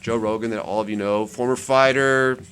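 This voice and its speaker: A man's voice: mid-range voice, steady tone, normal speed, a bit bright, smooth. A man hosting his channel, chatting casually while scrolling through web pages, rambling and repeating words for emphasis. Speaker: channel host. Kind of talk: casual screen-share commentary.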